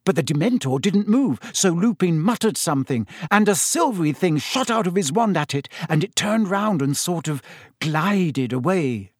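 A man reading aloud and voicing an anxious, clever teenage schoolgirl who explains things quickly and earnestly. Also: high-pitched, animated, voice pushed up. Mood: anxious, explaining.

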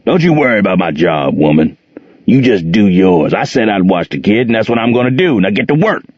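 A gruff, domineering grown man, as a male storybook narrator puts him on, growling in a low, dark register with a coarse, commanding edge. The voice stays close and dry, in a slightly dull lo-fi recording. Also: very animated, fairly quick, no room sound.

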